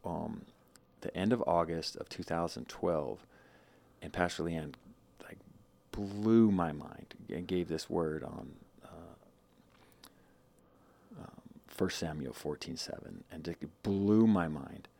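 A man's voice: low-pitched, slow pace, creaky, darkish tone. A man in his thirties telling a personal story in a casual interview, rambling with many restarts and quoted asides. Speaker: guest.

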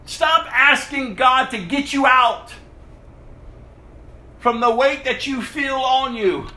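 Bright, echoey preaching man. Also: very high-pitched, takes it slowly. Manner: animated, laughs often, mimics whiny voices. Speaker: pastor. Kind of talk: sermon.

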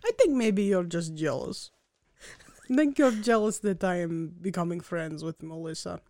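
A woman's voice: on the low side, moderate pace, mellow, no room sound, natural voice. A woman playing an earnest, musical-loving friend in an improvised comedy sketch, teasing and a little hesitant with fillers.

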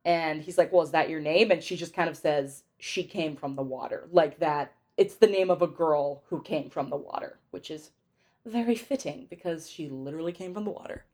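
A young woman with a slightly low voice chats her way through a film recap for a podcast. She rambles, giggles and fills gaps with plenty of ums and likes. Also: moderate pace, warm tone. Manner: chatty, giggly, rambling with fillers. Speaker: podcast host. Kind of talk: casual movie recap chat.

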